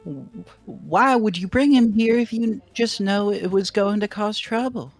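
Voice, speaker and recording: A man's voice: sits high, unhurried, dry recording, soft background music, voice pushed up. A man voicing a cocky teenage male hedgehog, talking bluntly in a comic fan story.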